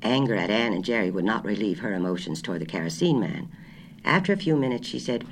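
Storybook narrator; measured, expressive reading with an animated, shifting pitch. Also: a little hiss or hum. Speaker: audiobook narrator.

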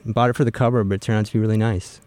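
A man's voice: on the low side, steady tone, racing, a little mellow, no echo. A man hosting a radio music show, back-announcing records in a casual, joking way. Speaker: radio host. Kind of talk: casual on-air chat.

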